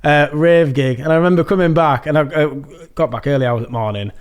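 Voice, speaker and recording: A man's voice: a little high, fairly quick, smooth. A man in his thirties with a Yorkshire accent, a podcast guest telling rambling stories about his music past, swearing and laughing often. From England. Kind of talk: casual chat.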